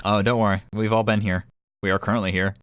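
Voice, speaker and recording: A man narrating as game master of a streamed tabletop game, rambling rapidly and loosely with many fillers. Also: fairly low pitch, flat delivery, fairly bright tone, clean tone, no echo.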